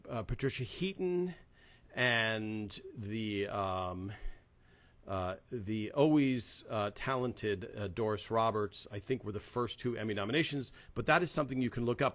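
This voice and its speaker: A man's voice: fairly low pitch, a little slow, fairly bright tone. A man hosting a casual fan livestream, chatting loosely with many fillers and greeting viewers by name. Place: home in Southern California.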